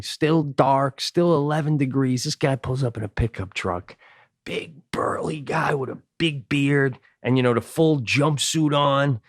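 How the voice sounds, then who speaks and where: A man hosts a podcast, telling a comedic story in a mid-range voice with clean studio sound and no echo. He's animated and profane, swearing often and acting out the voices he quotes.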